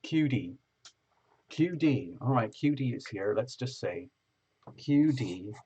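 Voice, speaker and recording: A man's voice: medium pitch, animated, slow pace, mellow, slightly rough. A man hosting a tarot channel livestream, chatting in a rambling, playful way with his viewers. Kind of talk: casual livestream chat with viewers. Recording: dull lo-fi stream audio.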